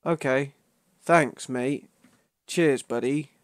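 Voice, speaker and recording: A man's voice: mid-range voice, slow, no echo, clean studio sound. A man hosting a casual gaming podcast, joking and laughing often. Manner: laughing, joking, fond of memes. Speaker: podcast host.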